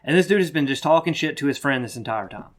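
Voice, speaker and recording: A man co-hosting a podcast, telling a story in casual chat and acting out other people's lines loudly. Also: a little high, quick pace. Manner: animated storyteller, acts out quotes loudly. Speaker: podcast co-host.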